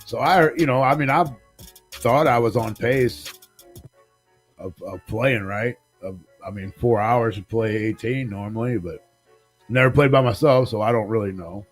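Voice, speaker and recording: A man's voice: medium pitch, unhurried. A man in his forties tells a rambling, swear-heavy story on a live talk show. He mimics the people in it as he goes. Faint music runs underneath. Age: 40s. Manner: profane, animated storytelling, acts out other people's lines. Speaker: podcast host. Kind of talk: casual storytelling chat.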